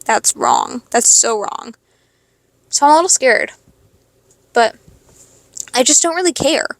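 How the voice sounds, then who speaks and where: A high school senior girl in her late teens, rambling casually in a stream-of-consciousness monologue, swearing freely and second-guessing herself. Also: expressive, unhurried, fairly bright tone, dry recording. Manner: rambling, swearing, self-questioning. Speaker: podcast host.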